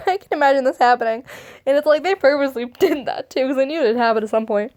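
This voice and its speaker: A woman's voice: sits high, fast, a little mellow. A woman reading fan memes aloud, joking, swearing and laughing as she goes. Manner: laughing, sarcastic, swears freely.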